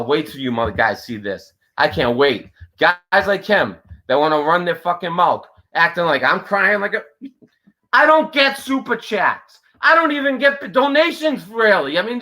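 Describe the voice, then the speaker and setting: A man with a high, bright voice rants heatedly on his own livestream. His pitch swings widely as he lashes out, profane and confrontational. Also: low-quality recording. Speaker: livestream channel host. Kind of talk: angry livestream rant.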